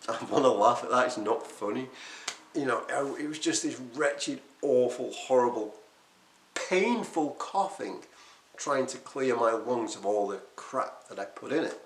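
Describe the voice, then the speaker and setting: Talking unscripted to the camera, a quit-smoking coach and vlogger pokes fun at his former habits in an animated, emphatic way. His middle-pitched voice carries a clear echo from the room.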